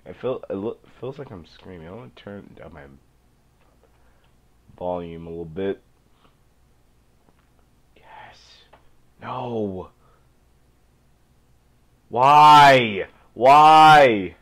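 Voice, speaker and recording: A young man giving excitable, jumpy let's play commentary as a gaming YouTuber. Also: low-pitched, normal speed, long pauses. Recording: dull lo-fi home mic.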